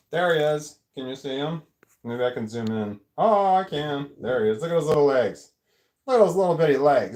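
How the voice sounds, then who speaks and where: A man's voice: mid-range voice, slight background noise. A man chatting casually on a home live stream with a phone at arm's length, rambling and joking at his own expense. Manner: rambling, self-mocking, jokey. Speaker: YouTuber chatting with a live chat. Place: at home, indoor room. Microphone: phone held at arm's length. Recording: home phone audio with dog barking. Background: dog barking.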